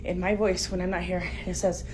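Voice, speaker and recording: A woman's voice: on the low side, level tone, fast. A middle-aged woman filming her own house on a phone, whispering in fright and breaking into breathless exclamations and swearing. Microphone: phone camera. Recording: noisy phone video audio.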